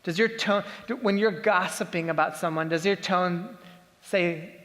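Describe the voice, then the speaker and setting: A man's voice: high-pitched, measured pace, a bit bright, long reverb tail. A man preaching a sermon as a pastor, talking conversationally and asking his listeners many rhetorical questions.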